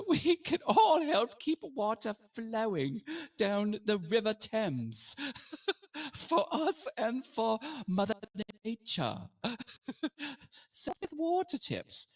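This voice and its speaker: An American man voicing a hammy, exaggerated posh Englishman reading an ad in a deliberately bad accent. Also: extremely high pitch, huge pitch swings, pitched above the performer's own voice, heavily acted. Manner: over-the-top, giggling through the lines.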